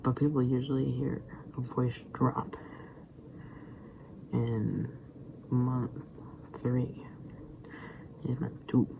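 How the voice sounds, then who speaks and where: Gravelly young man, rambling and stammering. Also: medium pitch, drawn-out words, long pauses. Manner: rambling, stammering restarts, drops into whispered asides. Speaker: vlogger. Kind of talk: casual rambling monologue. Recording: steady background noise.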